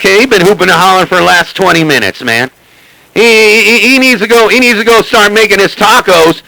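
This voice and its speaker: Gravelly high-voiced man on CB radio. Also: sharp tone, no room sound, rough recording. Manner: joking, boastful, repeats "hey, hey, hey". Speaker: CB radio operator. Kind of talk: CB radio banter.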